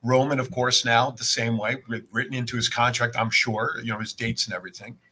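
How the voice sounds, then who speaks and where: A man's voice: mid-range voice, level tone, fairly quick, bright, forceful tone, husky. A man co-hosting a podcast, chatting casually about wrestling, laughing often and restarting his sentences. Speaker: podcast co-host.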